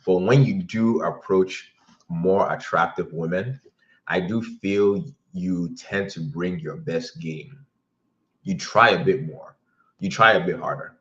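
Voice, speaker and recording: A man's voice: low voice, takes it slowly, a bit bright, dull audio. A man hosting a casual livestream, telling dating stories in a blunt, profane way. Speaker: livestream host giving dating advice.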